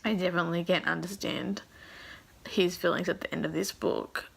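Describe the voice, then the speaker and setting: Woman, lowish voice, gravelly fry, reads aloud, emotional, sighing. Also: fairly even intonation, moderate pace, slight background noise. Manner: emotional, sighing, half-whispered at times. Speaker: book vlogger. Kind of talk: reading aloud and reacting.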